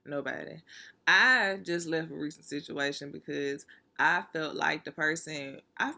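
A woman's voice: sits low, unhurried, vocal fry, sharp tone. A woman talking straight to her listeners in a casual, candid monologue, blunt and full of profanity, laughing now and then.

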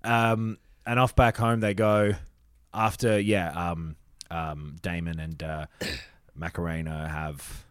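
Male podcast co-host, low and smooth, casual recap chatter, dry close sound. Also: little pitch movement, no echo. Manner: swears freely, recaps scenes in quick paraphrase.

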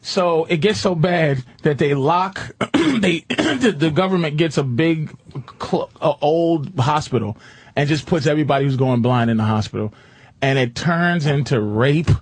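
A man's voice: fairly high pitch, measured pace, husky. A man co-hosting a podcast, retelling a movie plot in casual, profane, rambling chat. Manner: rambling animated storytelling, heavy swearing. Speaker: podcast co-host.

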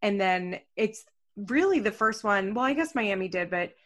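A woman with a mild speech impediment co-hosts a podcast, chatting casually in a loose way with many fillers and a bit of swearing. Her medium-pitched voice is animated and slightly bright, at a normal speed.

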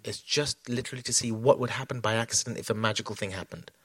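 A man's voice: fairly low pitch, fast talker, bright, forceful tone, husky, no echo. A man talking as a choreographer in an onstage conversation, reflective, with many fillers and restarts. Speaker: choreographer guest.

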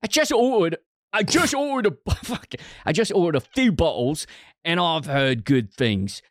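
A man's voice: medium pitch, moderate pace, no echo, studio quality, lightly acted. A man voicing a giddy British male product reviewer in a shaky put-on English accent that slides toward Australian. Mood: gushing. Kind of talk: comedic podcast bit.

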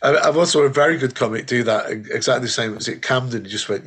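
Husky-voiced British comic telling stories. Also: male voice, medium pitch, fast, a bit bright. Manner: storytelling, laughing often, restarts. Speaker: podcast co-host, comedian. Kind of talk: casual chat.

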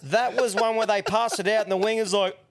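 A man's voice: brisk, slight background noise. A man co-hosting a sports podcast in casual chat, telling stories animatedly and swearing a lot. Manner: animated storytelling, heavy swearing, jumps high when excited. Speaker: podcast co-host.

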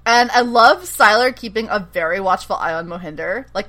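A woman's voice: medium pitch, fairly quick, hardly any pauses, a bit bright. A woman casually recapping a TV episode, acting out the characters' lines and laughing often. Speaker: podcast co-host recapping a TV show. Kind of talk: casual chat.

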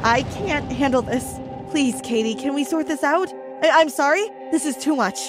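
A woman's voice: high-pitched, normal speed, voice pushed up, close to an everyday voice. A woman voicing an earnest teenage boy who stammers apologies, with music behind. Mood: apologetic.

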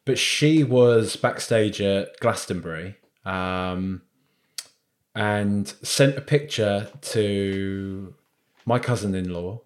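A young man with a fairly low voice, chiming in with teasing banter on a casual podcast. His quick jokes and asides keep the chat light. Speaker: podcast co-host.

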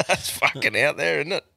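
A man's voice: a little high, expressive, a little slow, creaky, pushed and bright, no echo, studio quality. An Australian man hosting a podcast, swearing and laughing through casual banter. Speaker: podcast host. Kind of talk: casual chat.

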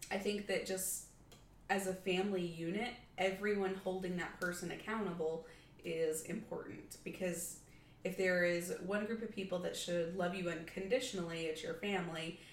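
A woman co-hosting a podcast, chatting casually and rambling with fillers about her parenting. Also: lowish voice. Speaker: podcast co-host. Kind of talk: casual chat. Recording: echoey room, mic at a distance, faint background noise.

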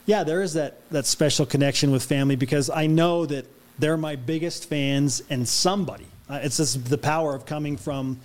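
A man's voice: a little high, steady tone, moderate pace, hardly any pauses. A man talking enthusiastically and laughing often in a casual sports chat on a podcast. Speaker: sports broadcaster guest.

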